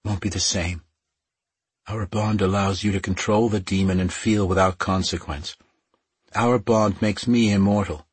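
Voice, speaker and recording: A man's voice: low-pitched, fairly even intonation, a little slow, slightly rough, dry recording. A man voicing a cold, defiant young woman. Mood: bitter.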